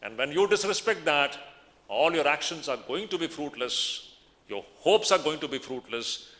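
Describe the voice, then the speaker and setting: Monk, sermon, a bit high-pitched, chants verses, long echo of a lecture hall. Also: male voice, lively intonation, normal speed, bright, forceful tone. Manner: emphatic, repeats phrases, chants Sanskrit verses. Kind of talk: spiritual discourse.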